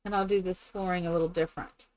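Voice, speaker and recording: A woman's voice: on the low side, fairly even intonation, fast, darkish tone. A woman streaming a game live, chatting casually with viewers in a rambling, exclamatory way. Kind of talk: casual live-stream chat while playing.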